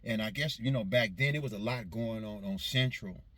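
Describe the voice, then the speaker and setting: A man's voice: fairly low pitch, moderate pace, fairly bright tone, no room sound. Man from Los Angeles reminiscing loosely. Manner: meandering, self-correcting recollection in a loose vernacular. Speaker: storyteller recounting his childhood. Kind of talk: casual spoken memoir.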